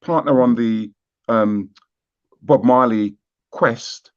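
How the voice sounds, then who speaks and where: A British man as an interview guest, telling stories in an unhurried, casual way with many fillers. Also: medium pitch, lo-fi sound. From Britain. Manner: relaxed and unhurried, with frequent fillers and asides. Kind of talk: casual conversational storytelling.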